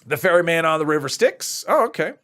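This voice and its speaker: A man's voice: a little high, big pitch swings, fairly quick, sharp tone. A man streaming a game, rambling casually and chatting with viewers as he plays. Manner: rambling, chats with viewers while playing. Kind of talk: casual gameplay commentary.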